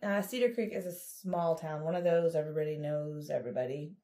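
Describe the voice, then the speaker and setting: A woman co-hosting a casual podcast with her mother, chatty and quick to laugh while she sets up a true crime story. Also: deep voice, mellow. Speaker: podcast co-host; daughter of co-host, telling a true crime story. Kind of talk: casual chat.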